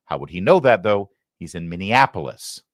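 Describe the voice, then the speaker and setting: A man's voice: low voice, sing-song, moderate pace, no echo, studio quality. A middle-aged man hosting a political commentary show, talking in a sarcastic, indignant, emphatic way. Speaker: host.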